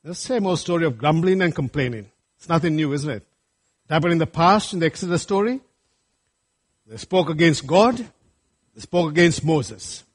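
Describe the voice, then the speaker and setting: Husky-voiced preacher from Sri Lanka. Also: male voice, a little high, fairly quick, long pauses. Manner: animated, often asks listeners "right?" and calls them friends. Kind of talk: sermon.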